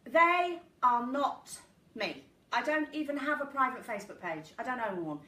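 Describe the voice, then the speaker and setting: A woman's voice: high-pitched, animated, normal speed, bright, forceful tone. A woman hosting a casual live stream from her living room, chatty and giggly as she tells stories. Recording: echoey room, mic at a distance, faint noise.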